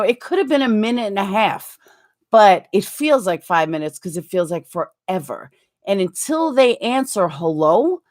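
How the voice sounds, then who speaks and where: A middle-aged woman talks casually to her stream chat, rambling from one thought to the next. Her voice sits at an ordinary middle pitch. She is animated and full of ums and quick asides. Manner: animated, jumps higher when acting out quotes. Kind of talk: casual live-stream chat, answering viewers.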